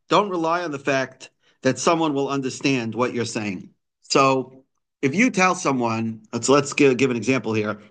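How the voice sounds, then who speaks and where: A man's voice: mid-range voice, a bit bright. A man giving a daily Torah text lesson, reading lines and explaining them in English frequent restarts and fillers. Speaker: Torah teacher.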